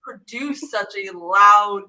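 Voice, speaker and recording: A soft-spoken woman co-hosting a live stream, chatting casually and using many fillers. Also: medium pitch, takes it slowly, poor audio. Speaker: co-host.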